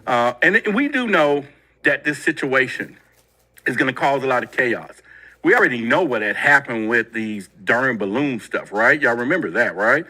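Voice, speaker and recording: A man's voice: a little high, sharp tone, poor audio. A man hosting a talk show, chatting casually and directly to his audience, repeating himself as he goes. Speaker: show host.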